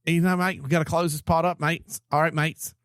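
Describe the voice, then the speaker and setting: A man's voice: on the high side, steady tone, brisk, fairly bright tone, voice pushed up. A man putting on a jokey Australian bloke voice, dropping "mate" into every phrase. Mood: joking. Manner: repeats "mate" in a hammy bloke voice.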